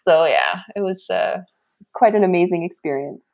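A woman's voice: lowish voice, big pitch swings, moderate pace, gravelly, a little mellow. A middle-aged woman, a guest in an interview, telling a story animatedly and often restarting her sentences. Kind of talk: casual interview talk.

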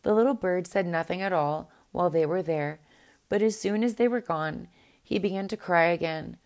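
A woman reading a fairy tale aloud in a gentle, unhurried way, with the odd small restart. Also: lowish voice. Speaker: storyteller. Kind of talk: storybook read-aloud.

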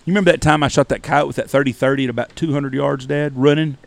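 Male podcast host, gravelly, salty animated storyteller, mid-pitched. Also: fast. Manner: profane, animated anecdote-telling. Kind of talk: casual storytelling.

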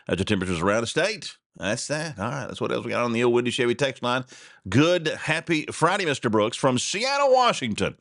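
A man's voice: mid-range voice, fairly bright tone, no room sound, studio quality. A man hosting a radio talk show, chatting in a rambling, jokey, folksy way. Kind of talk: casual radio chat.

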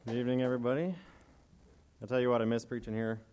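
A man's voice: mid-range voice, little pitch movement, fast talker, a little mellow. A man preaching a casual, earnest and emotional sermon, reading scripture aloud and commenting between passages.

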